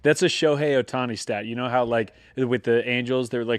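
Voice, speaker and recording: A man co-hosting a casual sports chat, excitable and jokey, calling the others dude. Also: medium pitch, brisk, dry recording.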